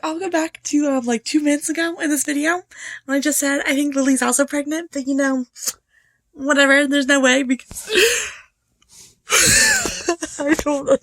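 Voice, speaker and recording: A young woman vlogging about her reading, her high voice bouncing between quiet musing and excited bursts, with plenty of fillers. The sound is dry and close, with no room around it. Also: brisk, no room sound. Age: young adult. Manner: chatty, excitable, filler-heavy, swings between hushed and loud. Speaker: book vlogger. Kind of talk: casual reading vlog chat.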